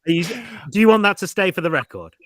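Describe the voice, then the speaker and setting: A man's voice: high-pitched, sing-song, fast, a bit bright, dry recording. Dry-sounding man hosting a podcast. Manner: playful, sets up game scenarios. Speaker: podcast host. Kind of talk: casual podcast chat.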